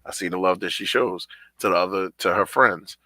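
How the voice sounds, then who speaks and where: A man's voice: deep voice, brisk, pushed and bright, no echo. A man co-hosting a podcast, talking in a laid-back, slangy, conversational way. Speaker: podcast co-host.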